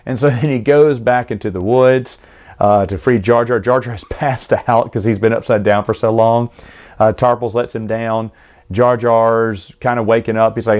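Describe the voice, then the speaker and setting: A man's voice: mid-range voice, steady tone, normal speed, darkish tone. A man giving a casual, rambling book review with wry asides, who acts out the characters as he retells the plot.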